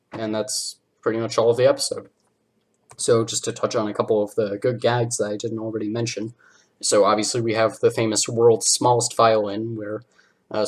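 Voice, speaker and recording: A man hosting a podcast, casually recapping a cartoon episode with lots of fillers, now and then jumping into character voices. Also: lowish voice. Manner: rambling, filler-heavy, acts out character lines. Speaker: podcast host.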